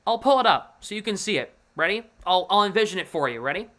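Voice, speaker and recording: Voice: mid-range voice, expressive, fast talker, fairly bright tone. Hockey streamer breaking down plays then venting, fed up and emphatic, just talking to chat. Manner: frustrated, ranting, emphatic; walks viewers through a play by pointing on screen. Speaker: livestream host and hockey fan. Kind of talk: casual livestream commentary on a game.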